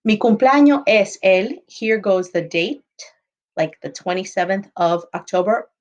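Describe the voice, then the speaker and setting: A woman past her youth gives a recorded Spanish lesson in a mid-range, unhurried voice, with the high frequencies cut off. She patiently explains, switching between examples in English and Spanish.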